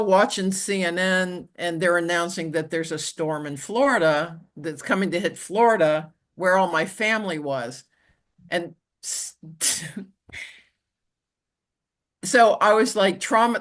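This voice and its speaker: A woman telling her own story as an interview guest, in a halting way with frequent restarts and "you know". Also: fairly low pitch, fairly bright tone. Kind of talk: conversational personal storytelling.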